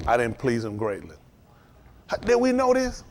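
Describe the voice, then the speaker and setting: A man preaching a sermon, animated and working with call and response, climbing to loud, high peaks. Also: moderate pace, slight background noise.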